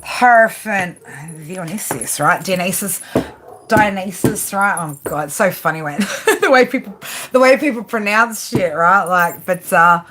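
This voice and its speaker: A woman's voice: medium pitch, expressive, moderate pace, bright, forceful tone, a little hiss or hum. A woman doing a casual livestream tarot reading, chatty and rambling, swearing casually as she talks through the cards at her table. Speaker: tarot reader. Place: home, at a table under a lamp.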